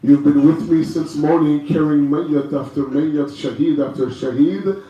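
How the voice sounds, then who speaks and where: A man with a high voice narrates a mournful sermon, pouring feeling into the story until it swells into cries. He is heard from far off the mic, deep inside a hall that echoes around every word. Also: steady tone, a little slow, mellow, dull audio. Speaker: majlis speaker.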